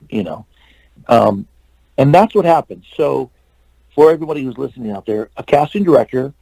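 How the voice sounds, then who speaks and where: An older man tells long, winding stories in a casual interview, restarting often and acting out what others said. His voice is gravelly and dark. The recording is dry and close. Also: medium pitch, no echo, low-quality recording. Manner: rambling anecdotes with restarts and acted-out quotes. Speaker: interview guest, actor and stuntman.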